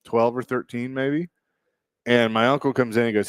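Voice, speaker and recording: A man's voice: medium pitch, steady tone, normal speed, smooth, dry recording, clean studio sound. Rambling male radio host telling a story. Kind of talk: casual sports radio banter. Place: radio studio. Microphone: studio microphone.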